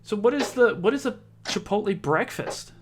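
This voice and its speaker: A man's voice: high voice, animated, moderate pace, a little hiss or hum. A man giving casual play-by-play commentary on a darts league, chatty, reading out scores and viewer comments.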